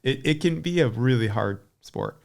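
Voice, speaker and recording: A middle-aged man as a podcast guest, telling stories in a relaxed, casual way with lots of fillers. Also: mid-range voice, normal speed, creaky. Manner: relaxed storyteller, many fillers like and uh. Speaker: podcast guest, former pro cyclist. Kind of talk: casual chat.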